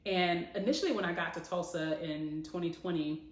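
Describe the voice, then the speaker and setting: A woman talks candidly to her camera in a home vlog, animated and quick to laugh, leaning on repetition for emphasis. Her voice sits on the low side for a woman. The room around her is echoey. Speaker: vlogger. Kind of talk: reflective vlog talk to camera.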